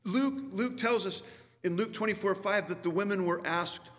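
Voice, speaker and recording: A man's voice: high voice, normal speed, a bit bright, in a large hall. A man preaching a sermon, talking through scripture in a conversational way and putting questions to his listeners. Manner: conversational, asks the audience questions. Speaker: pastor.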